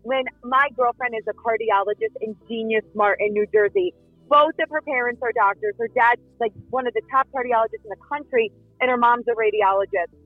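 A woman, a reality show cast member, answering interview questions in a chatty, animated storytelling way with lots of fillers. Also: a little high, brisk, dry recording, faint music behind. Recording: dull lo-fi sound.

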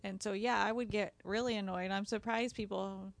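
A woman's voice: mid-range voice, steady tone, normal speed, creaky, no echo. A woman speaking as a patient, talking indignantly and emphatically in casual chat.

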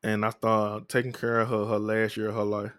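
A young man telling his life story in a candid, profane, rambling way, often low-key and downcast. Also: monotone, brisk, a bit bright, smooth, no room sound, clean studio sound. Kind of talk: personal storytelling monologue.

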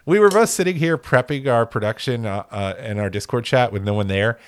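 A man's voice: mid-range voice, a little fast, a little hiss or hum. A man co-hosting a casual sports podcast, rambling and joking with lots of fillers and restarts. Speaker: podcast co-host.

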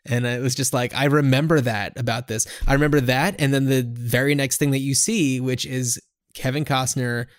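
A man's voice: mid-range voice, steady tone, moderate pace, no room sound, clean studio sound. A man hosting a podcast, chatting casually in a rambling way with lots of fillers. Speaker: podcast host. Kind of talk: casual chat.

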